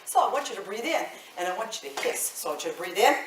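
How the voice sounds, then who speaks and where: A woman's voice: medium pitch, sing-song, fast. A woman voice teacher runs a live singing workshop, talking to the group in a chatty way and checking in with "okay?" after almost every point. She is recorded from across a large, echoey room, with a faint hiss underneath. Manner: chatty, ends phrases with "okay?". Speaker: voice teacher and choir director. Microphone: room mic at a distance. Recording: roomy, distant, faint hiss.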